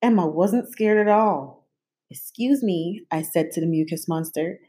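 A woman reading a children's picture book aloud in a playful, animated way. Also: lowish voice, normal speed. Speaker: storybook reader.

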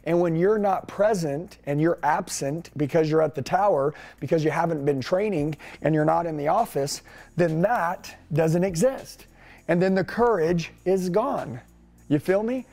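A man coaching salespeople in an energetic, punchy way, firing off rhetorical questions. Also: a little high, unhurried. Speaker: sales trainer.

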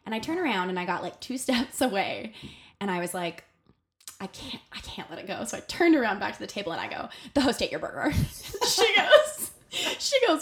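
A young woman chats as a podcast guest. She talks in a casual, animated way, piles on filler words, and jumps into little voices for the people in her story. Her pitch sits in a middling range for a woman. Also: brisk. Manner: animated, full of "like" fillers, acts out quoted voices.

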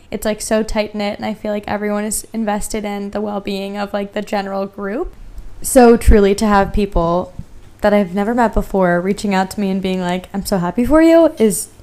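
A young woman hosts her podcast in a casual solo chat. She gushes and rambles, dropping "like" into nearly every sentence. Her voice is smooth and clear, with a middling pitch. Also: darkish tone. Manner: chatty and gushing, heavy use of "like". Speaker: podcast host.

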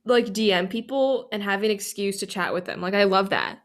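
A woman's voice: medium pitch, brisk. A young woman co-hosting a podcast over a video call, playful and rambling, laughing often. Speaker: podcast co-host. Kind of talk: casual chat.

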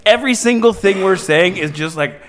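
A man's voice: high voice, lively intonation, fairly quick, fairly bright tone, a little hiss or hum. A young man rambling through a crude story on a casual podcast, full of restarts. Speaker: podcast co-host. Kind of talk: casual chat.

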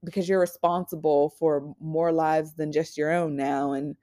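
Woman in her 20s with a low-pitched voice for a raw, unscripted personal monologue. Blunt and halting. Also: little pitch movement, mellow. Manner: raw, candid, swears freely; halting with frequent restarts. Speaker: podcast host.

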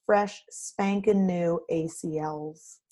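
A woman's voice: lowish voice, steady tone, slow, warm tone. Woman in her thirties, podcast co-host, bubbly, giggly, enthusiastic, a bit tired. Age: 30s. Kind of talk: casual chat.

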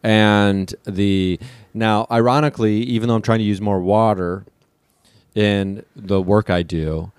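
A man co-hosting a casual chat, relaxed and rambling with lots of fillers. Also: fairly low pitch, unhurried, smooth, no room sound. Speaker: podcast co-host.

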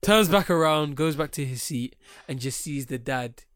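A man with a slightly raised pitch tells a sprawling story in casual podcast chat. He talks in an animated, rambling way and swears freely. The recording is dry and close. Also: moderate pace, smooth, no room sound. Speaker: podcast co-host.

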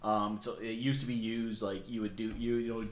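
A man chatting on a podcast as the guest, telling lively stories and mimicking other people's voices. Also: fairly low pitch, moderate pace. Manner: animated storyteller, mimics voices, laughs often. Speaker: guest brewery founder. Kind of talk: casual podcast chat. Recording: roomy echo.

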